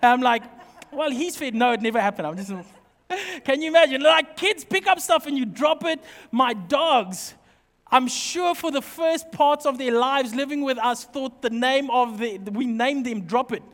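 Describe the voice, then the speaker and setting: A middle-aged man preaching a sermon, telling funny personal stories in an animated, joking way. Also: very high-pitched, moderate pace. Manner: humorous, animated storytelling. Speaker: pastor. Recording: long reverb of a hall.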